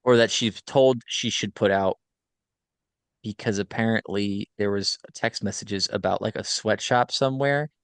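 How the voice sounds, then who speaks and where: A man casually recapping a film plot on a podcast, rambling with many fillers and quick self-corrections. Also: on the low side, a bit bright, smooth, no echo. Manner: rambling, filler-heavy retelling. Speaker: podcast host.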